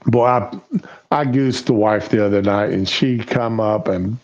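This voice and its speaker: Slow-talking folksy male host. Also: lowish voice, dull audio. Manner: folksy, poses and answers his own questions. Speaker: livestream show host. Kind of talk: casual political chat.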